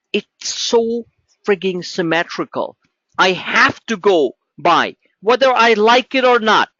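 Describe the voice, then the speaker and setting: A man hosts a live trading webinar, walking viewers through charts and addressing them directly in an emphatic, repetitive way. His voice is high-pitched and sharp, with no room sound, though the recording is muffled.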